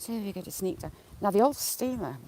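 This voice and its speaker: A woman's voice: medium pitch, animated, fast, mellow, a little hiss or hum, rough recording. A woman live-streaming on a phone while walking beside a lake, chatting and making teasing, sarcastic remarks. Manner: chatty and teasingly sarcastic, greeting viewers by name. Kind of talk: casual live-stream chat.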